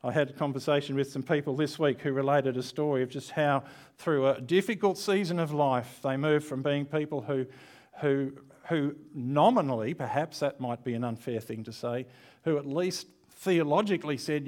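A man delivering a sermon in a relaxed, conversational tone. His voice sits at an ordinary middle pitch, and he talks candidly with the congregation, dropping in self-deprecating asides. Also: normal speed. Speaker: preacher. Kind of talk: online church sermon.

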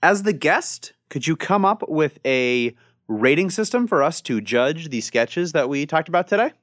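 A man's voice: on the high side, moderate pace. Chatty male podcast host. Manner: relaxed, chatty, leads the talk. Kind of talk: casual podcast discussion.

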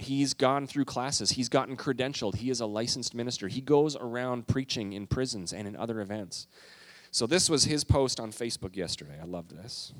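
A man preaching a sermon as pastor, telling a story in an earnest, emotional way with emphatic rises in his voice. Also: medium pitch.

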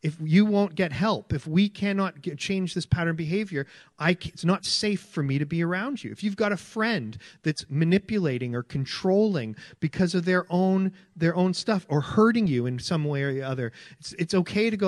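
A man's voice: sits high, animated, moderate pace, no room sound, clean studio sound. A man preaching a sermon in an earnest, conversational way, often repeating his phrases. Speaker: pastor.

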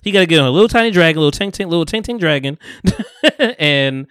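A podcast host in casual chat, retelling a TV episode with profane slang and animated acted-out quotes. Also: male voice, on the high side, fast, clear, resonant tone, dry recording, studio quality.

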